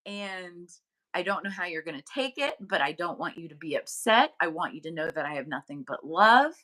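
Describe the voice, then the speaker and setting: Lady medium telling a story, bright voice on the low side, lots of "you know" and "like". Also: moderate pace. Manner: animated storyteller, many fillers, acts out quoted voices. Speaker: medium and podcast co-host. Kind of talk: casual storytelling chat.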